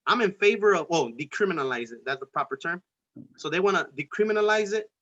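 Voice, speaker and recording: A man with a high, animated voice and a fairly bright tone talks fast while hosting a political podcast. His casual chat turns heated, profane and rambling, with many restarts, heard through a dull lo-fi recording.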